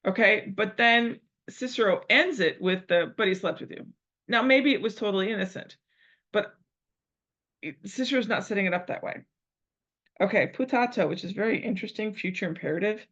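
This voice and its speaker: A woman's voice: mid-range voice, moderate pace, a bit bright. A woman teaching a Latin translation lesson, thinking aloud and repeating phrases as she works out each line. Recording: dull lo-fi recording.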